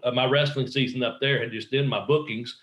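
A man's voice: medium pitch, fairly even intonation, fairly quick, fairly bright tone. A man, a professional wrestler, telling a long anecdote in casual conversation, rambling and acting out the voices of the people he quotes. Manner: frequent fillers and restarts.

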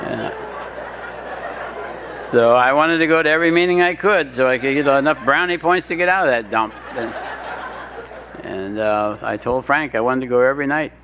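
A man's voice: medium pitch, moderate pace, long pauses. An older man telling his recovery story to an audience with dry humor, stumbling over words and acting out what others said. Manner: dry humor, restarts, quotes others in voices. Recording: dull lo-fi talk recording with faint hiss.

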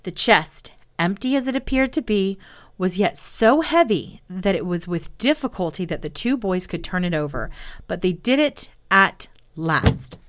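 A woman storyteller reading an old children's story aloud, expressive and animated. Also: medium pitch, a little slow, a little hiss or hum.

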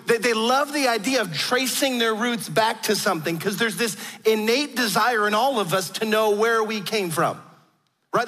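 Guy pastor preaching, high bright voice, lots of restarts, long hall reverb. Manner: storytelling, earnest, with frequent restarts. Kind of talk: sermon.

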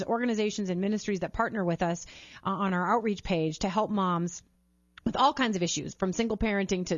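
A woman's voice: on the low side, no room sound. A woman hosting a podcast for mothers, speaking earnestly and repeating words as she gets going. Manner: warm-hearted, earnest, repeats words when excited. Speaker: podcast host. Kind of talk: upbeat interview and appeal to listeners. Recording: slightly dull lo-fi sound.

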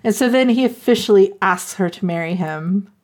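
Animated woman recapping a book. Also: medium pitch, normal speed. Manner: animated, laughs often, acts out quotes. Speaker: podcast host recapping a book. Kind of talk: casual chat.

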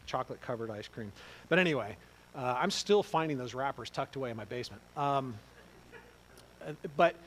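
A middle-aged pastor, preaching in a conversational storytelling way, dropping to quiet asides and rising to loud exclaims. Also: male voice, fairly high pitch, slight background noise, low-quality recording. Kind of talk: storytelling sermon.

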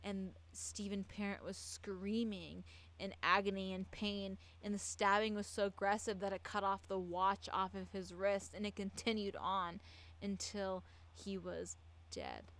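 A woman's voice: mid-range voice, lively intonation, a little slow, fairly bright tone, poor audio. A tipsy woman tells a true-crime story in a loose, casual way. She rambles, trips over her words and restarts her sentences as she goes.

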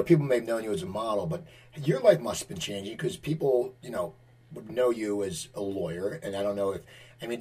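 Low, husky man asking halting questions. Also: mellow, rough recording. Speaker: interviewer. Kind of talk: casual interview questions.

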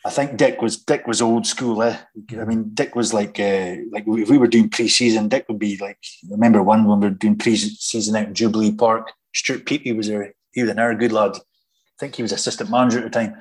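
A man's voice: fairly low pitch, steady tone, darkish tone, rough recording. Scottish guy rambling through old football stories, lots of restarts. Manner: halting, many restarts, anecdotal. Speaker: former footballer guest. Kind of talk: casual chat.

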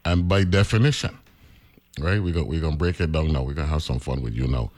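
A man's voice: extremely low pitch, quick pace, a little mellow. A man hosting a casual radio interview, who stammers, repeats words and keeps checking in with "right?". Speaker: radio show host. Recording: radio broadcast.

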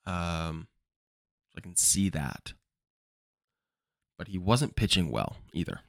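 A man's voice: sits low, very animated, takes it slowly, creaky, a bit bright, no room sound, clean studio sound. A man hosting a baseball podcast, giving casual opinionated commentary and thinking aloud with frequent ums. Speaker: podcast host.

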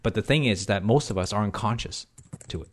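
رجل بصوت عميق جداً يتحدث بسرعة. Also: male voice, on the low side, a little fast. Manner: rambling, many restarts and fillers. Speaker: podcast co-host, health professional. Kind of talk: casual podcast chat.

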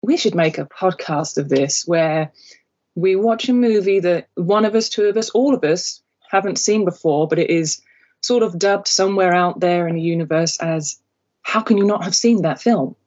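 A woman with a husky, lowish voice chatting on a podcast. She talks casually with nervous fillers and restarts, and the recording sounds muffled and lo-fi. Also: normal speed, darkish tone. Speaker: podcast host. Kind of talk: casual chat.

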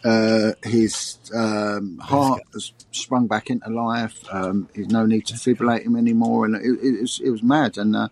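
A middle-aged man, a former detective telling a personal story in an interview, halting and repeating his words. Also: lowish voice, fairly even intonation, a little mellow, dry recording. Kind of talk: emotional personal testimony.

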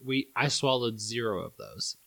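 A man chatting casually while tasting candy, animated and jokey, swearing now and then. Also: medium pitch, moderate pace, gravelly, no echo.

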